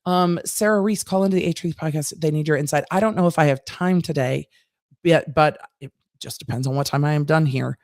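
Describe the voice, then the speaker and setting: A woman's voice: low-pitched, darkish tone, no room sound. Chatty American woman live-streaming, dry sound. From United States. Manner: chatty, quick asides, reads viewer comments aloud. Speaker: host and former trial lawyer. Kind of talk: live-stream commentary reading chat.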